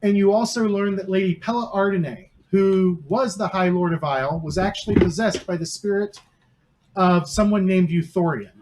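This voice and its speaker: Man, game master, tabletop game narration, high voice, storytelling, noisy stream audio. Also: moderate pace, a little mellow. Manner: storytelling, with small restarts.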